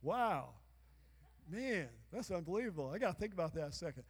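Pastor, man in his 60s, high voice, sermon with call-and-response and sudden shouts, long church reverb. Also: sing-song, fairly quick, slightly rough. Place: church sanctuary.

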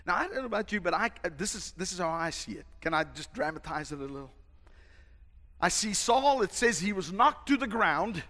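A male pastor preaching a sermon, emphatic and dramatic, shouting at the peaks. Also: high-pitched, animated, brisk, hardly any pauses. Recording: long hall reverb.

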